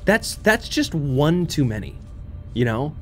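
A man playing a horror game on his channel, commenting excitedly with frequent laughter and panicky outbursts. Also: on the high side, slow, soft background music. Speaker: gaming YouTuber. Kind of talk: let's play commentary.

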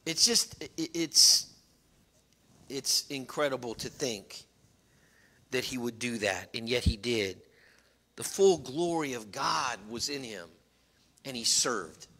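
A middle-aged man preaching a sermon as pastor, earnest, shifting between loud emphasis and quiet, confiding storytelling. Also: mid-range voice, expressive, slow, long pauses. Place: church.

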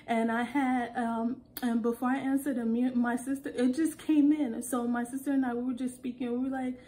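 A young woman telling work stories in an animated, casual way, laughing as she goes. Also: fairly high pitch, moderate pace. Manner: animated, acts out quotes, laughs often. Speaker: call center worker. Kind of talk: casual storytelling vlog.

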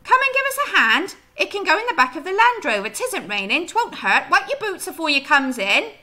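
A loud, rambling farmer's wife with a broad West Country accent, put on by a woman teacher. She speaks much higher than her usual voice, with a bright, sharp tone and a swooping, lively delivery that runs on and on. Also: brisk, heavily acted. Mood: bossy. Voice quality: loud and long-winded. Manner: rambles on at length. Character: chatty talkative farmer's wife.

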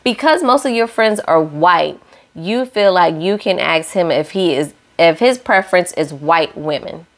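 A woman's voice: fairly low pitch, expressive, a little slow. A young woman hosting a casual reality-show recap, sassy and opinionated, scolding the cast directly.

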